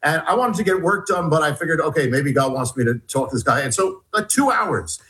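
A man telling a story in an interview as a guest author, halting and restarting often while acting out dialogue. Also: a little high, expressive, bright, forceful tone, low-quality recording. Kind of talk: animated storytelling.

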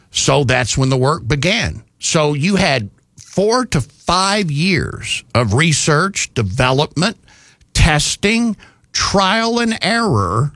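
A man's voice: fairly high pitch, big pitch swings, slow, a bit bright, no room sound, studio quality. A man hosting a talk radio show, rambling in a folksy way with frequent fillers and restarts.

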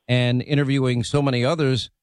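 A man's voice: mid-range voice, level tone, brisk, a little mellow, no room sound. A middle-aged man hosting an interview, making assertive, confident predictions. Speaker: interview host. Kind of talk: interview commentary.

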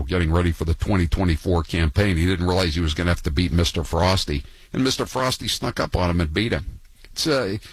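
A man's voice: sits low, slightly rough, no room sound, rough recording. A man hosting a call-in radio show, telling wry, gossipy, rambling stories to callers. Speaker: talk radio host.

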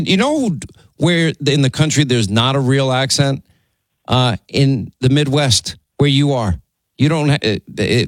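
A man hosting a call-in radio talk show, talking quickly and stumbling over restarts. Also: mid-range voice, dry recording. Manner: rapid, self-interrupting, stammering restarts.

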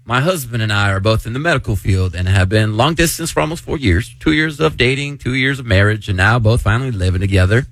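A man's voice: on the low side, fast talker, hardly any pauses, fairly bright tone, no echo, rough recording. A man hosting a radio morning show, reading a listener letter in an easygoing, chatty way. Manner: laughing, self-conscious, easygoing. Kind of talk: casual on-air chat and letter reading. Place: radio studio. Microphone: studio microphone.

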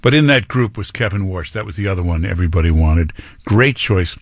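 A man's voice: deep voice, brisk, no room sound, studio quality. A man hosting a talk show, delivering rambling, opinionated political commentary. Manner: rambling, opinionated, with quoted impressions. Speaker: talk radio host.

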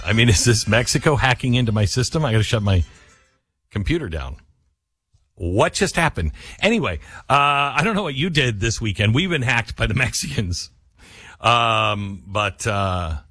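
A man's voice: fairly low pitch, fairly bright tone, dry recording. A male host giving a sarcastic, rambling political commentary monologue, full of restarts and asides.

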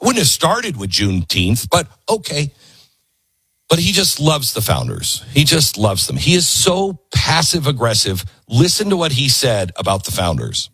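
A man's voice: mid-range voice, big pitch swings, normal speed, sharp tone, breathy edge, dry recording. A man hosting a political commentary show, talking in a sarcastic, mocking way with lots of asides.

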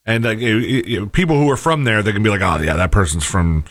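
A man's voice: fairly low pitch, fast talker, fairly bright tone, no echo. A man from the United States co-hosting a casual talk show, rambling and hesitant with many fillers. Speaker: podcast co-host.

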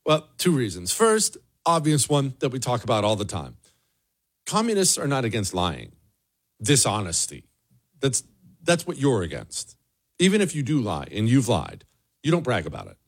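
A man delivers an opinionated solo monologue as the host of a commentary show. His pitch moves a lot, rising and dropping for emphasis, while his voice stays in an ordinary middle register. He sounds sarcastic and emphatic and often repeats phrases. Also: huge pitch swings, normal speed.

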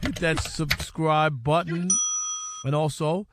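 A man's voice: a little high, steady tone, takes it slowly, heavy background noise. A man co-hosting a sports radio show, protesting in casual banter and reading plugs. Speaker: co-host.

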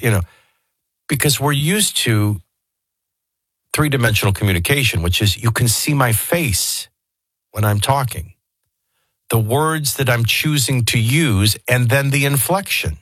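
A man's voice: medium pitch, lively intonation, measured pace, a bit bright, slightly rough, no echo. A man hosting a talk radio show, speaking in a conversational, digressive way with folksy asides, into a studio microphone. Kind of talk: casual talk radio commentary.

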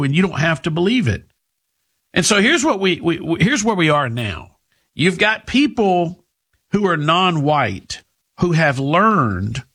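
A man's voice: a little high, gravelly, a bit bright, breathy edge. A middle-aged man hosting a talk radio show, delivering a blunt, scornful opinion monologue.

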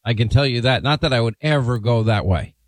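A man's voice: mid-range voice, lively intonation, fairly quick, no room sound. A man hosting a radio talk show, teasing his co-host and rambling in casual on-air banter.

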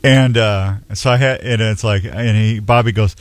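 A man's voice: lowish voice, steady tone, normal speed, few pauses, no room sound. A man in his sixties hosting a radio show, telling rambling folksy stories and reading out announcements. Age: 60s. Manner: rambling storyteller, folksy, many restarts. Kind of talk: casual radio chat with announcements.

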